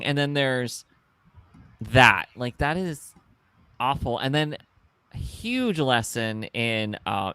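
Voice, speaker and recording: A man co-hosting a casual late-night chat, rambling and excitable, often trailing off mid-thought. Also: mid-range voice, clean tone, dry recording. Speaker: co-host.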